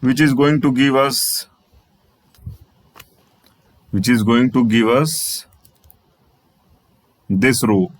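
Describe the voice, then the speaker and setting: Male tutor, tutorial delivery, mid pitch, dry and close, restates every step. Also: extremely slow, long pauses, no echo, rough recording. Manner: repetitive, restates phrases, spells out letters. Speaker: programming instructor. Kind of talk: screen-share coding tutorial.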